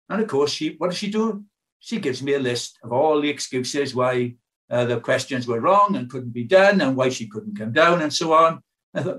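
A man's voice: medium pitch, lively intonation, moderate pace, fairly bright tone. An older British man preaching a sermon in an earnest, pleading way, asking his hearers many questions.

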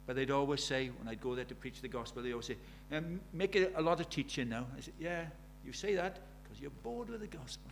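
Brief: middle-aged man preaching, voice a little high, swings between hushed and urgent, faint hum behind. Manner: swings from hushed intimacy to loud urgent questions. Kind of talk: sermon.

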